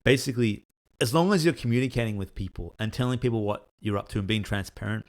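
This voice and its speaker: Indie dev guy chatting to camera, lowish voice, lots of ums and restarts. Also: fast. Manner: candid, rambling, many fillers and restarts. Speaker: solo game developer. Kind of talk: casual talk to camera.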